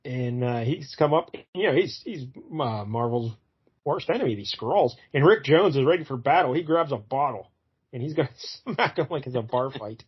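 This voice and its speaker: A man co-hosting a podcast, retelling a comic book in a casual, rambling way, often pausing on "uh". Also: medium pitch, expressive, slightly rough, dull audio. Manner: rambling, fills gaps with "uh", acts out quotes loosely. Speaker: podcast co-host.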